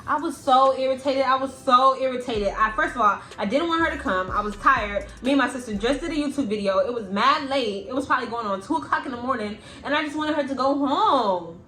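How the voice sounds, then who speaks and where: A young adult woman telling a storytime vlog in a blunt, animated and profane way. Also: high voice, fairly quick, few pauses, faint music behind. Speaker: vlogger. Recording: roomy echo.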